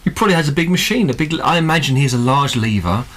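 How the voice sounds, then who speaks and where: A man's voice: mid-range voice, animated, very fast, fairly bright tone. A man co-hosting a podcast, chatting casually and rambling through sweary comic tangents. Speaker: podcast co-host. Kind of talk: casual comedic chat.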